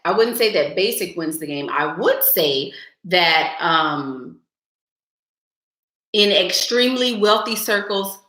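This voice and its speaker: Speaking in a bright, forceful, medium-pitched voice, a young woman gives her livestream viewers blunt, sassy advice in casual conversation. The room she records in is echoey.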